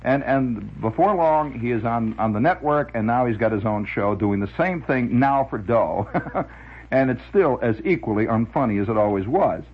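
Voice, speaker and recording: Husky man telling rambling radio stories. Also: medium pitch, normal speed, phone-quality sound. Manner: lively, chuckling, full of filler "uh"s. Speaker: radio monologist. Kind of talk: rambling storytelling monologue.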